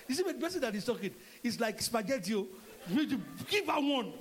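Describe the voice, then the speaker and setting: A middle-aged Nigerian man preaching a sermon as a pastor, animated and acting out dialogue in shifting voices. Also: very high voice, a little fast, a little hiss or hum, rough recording.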